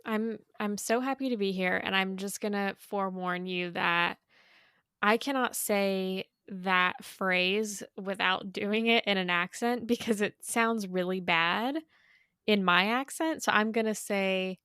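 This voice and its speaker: A woman's voice: medium pitch, measured pace, bright, forceful tone, clean tone, no echo, clean studio sound. A woman joining a podcast as a guest, chatting in a bubbly, giggly and slightly self-conscious way. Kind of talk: casual podcast chat.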